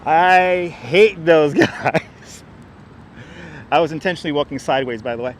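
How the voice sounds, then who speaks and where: A man's voice: on the high side, normal speed, slight background noise, poor audio. A man hosting a casual walking livestream outdoors, sarcastic and chatty, greeting viewers by name into a clip-on mic. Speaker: livestream host. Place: outdoors on a city street. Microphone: wireless clip-on mic.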